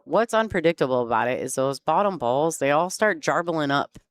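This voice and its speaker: A woman's voice: low-pitched, expressive, brisk. A woman commentating a pool match in a chatty way, laughing easily and explaining the play. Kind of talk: sports commentary.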